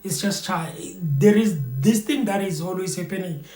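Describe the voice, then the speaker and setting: Heavy with fillers and repeated phrases, a South African man rambles through casual spoken commentary for his YouTube viewers. He speaks at normal speed in a high-pitched voice with a dark tone, and the recording sounds roomy.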